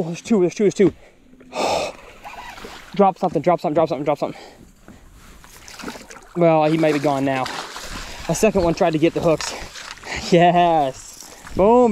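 A man, hosting a fishing vlog from a boat outdoors, excitedly exclaiming and talking to the fish as he catches them. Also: fairly high pitch, a little hiss or hum. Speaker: fishing channel host.

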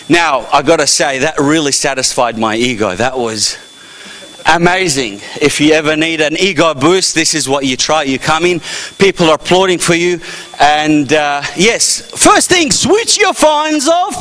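A man's voice: fairly high pitch, pushed and bright. A man hosting a cultural festival as MC, joking in a playful, self-mocking way on stage before a live audience. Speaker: MC and comedian. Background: audience faintly heard.

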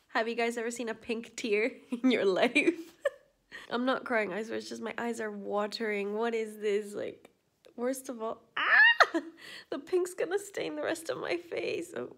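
A woman's voice: fairly high pitch, lively intonation, measured pace, vocal fry. Giggly, tired woman rambling to camera. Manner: giggly, rambling, drops into whispered asides. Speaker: vlogger. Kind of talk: casual rambling vlog chat. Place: at home indoors.

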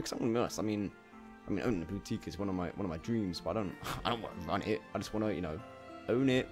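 A man doing casual let's play commentary, talking to himself and bursting into loud swearing exclamations. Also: fairly low pitch. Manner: chatty self-talk, swearing, bursts of exclaiming. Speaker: gameplay commentator.

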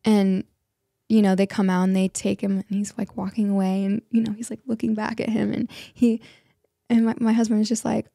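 A young woman guest on a podcast telling a story in a casual, animated way, acting out what people said. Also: medium pitch, brisk, vocal fry, dry recording, clean studio sound. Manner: animated, acts out quotes, many likes and restarts.

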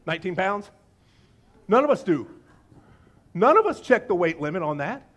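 Man, pastor, sermon, high voice, lively storytelling, playful quoted voices. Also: normal speed, muffled recording.

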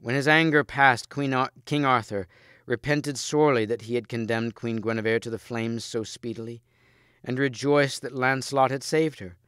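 A man reading a story aloud in steady, measured narration, close on the mic. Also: medium pitch, clear, resonant tone, no echo. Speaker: audiobook reader. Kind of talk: scripted narration.

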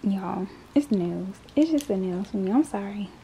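A woman's voice: mid-range voice, animated, normal speed, warm tone. A woman in her late teens talking casually to her phone camera in a vlog, chatty and often dropping to a whisper. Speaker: vlogger. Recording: noisy phone recording.

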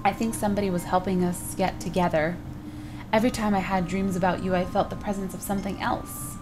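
A woman voicing a gentle, weary male talking cat in a video game, reading his lines softly and quietly. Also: medium pitch, level tone, brisk, background noise, lightly acted.

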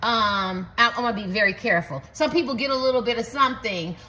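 A woman's voice: fairly high pitch, fast, pushed and bright. A woman giving a rambling, blunt reading to her viewers in a casual, repetitive way, swearing now and then. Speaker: tarot reader. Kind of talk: casual spoken reading to camera.

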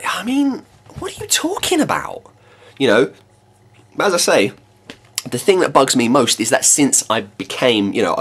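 Man mid-rant, exasperated and sarcastic, pitch swinging all over. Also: fairly bright tone. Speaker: English teacher and vlogger. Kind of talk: monologue rant to camera.

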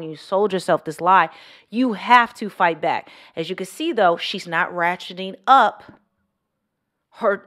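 A woman vlogger giving emphatic reaction commentary, slowing down and lowering her voice to drive points home. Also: a bit bright. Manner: emphatic, drops to slow low tone for emphasis.

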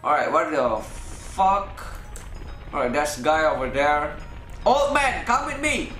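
Excitable swearing guy playing a game, bright voice, echoey room w/ faint game music behind. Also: fairly high pitch, slow. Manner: excitable, swears a lot, loud panicked outbursts. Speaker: gaming channel host. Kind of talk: let's play commentary.

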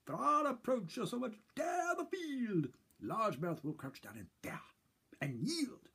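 A man's voice: extremely high pitch, sing-song, a little slow, bright, forceful tone, breathy edge, pitched above the performer's own voice, full character voice. A man in his sixties playing a proud French nobleman, reciting Shakespearean battle lines in a grand, theatrical way. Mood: rousing. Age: 60s.

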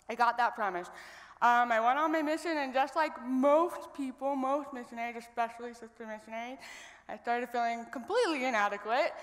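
Young woman telling her story in a hall. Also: high-pitched. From Idaho. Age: young adult. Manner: earnest, reflective storytelling. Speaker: guest speaker at a women's event. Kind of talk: personal story told on stage. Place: stage in a large hall. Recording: long reverb of a large hall.

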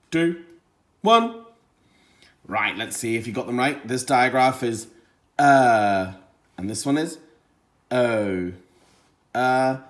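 A man teaching a phonics lesson to young children, encouraging them and sounding out words clearly. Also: mid-range voice.

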